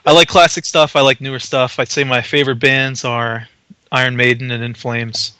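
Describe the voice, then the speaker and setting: A man who is a guest on a podcast, talking casually with a smooth radio-announcer voice. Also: medium pitch, fairly even intonation, normal speed, bright, forceful tone, no echo, low-quality recording. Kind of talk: casual chat.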